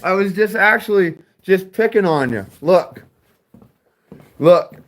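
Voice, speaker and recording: A man's voice: high voice, animated, normal speed, fairly bright tone. A man hosting a casual livestream while working in a garage workshop, rambling and joking and swearing freely. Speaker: livestream host.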